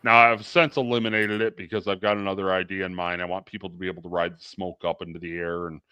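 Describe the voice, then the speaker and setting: Middle-aged male guest, low voice, dry close sound, easygoing rambling chat. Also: flat delivery, fast talker, clear, resonant tone, dry recording, dull audio. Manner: rambling, with many fillers and restarts. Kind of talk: casual livestream chat.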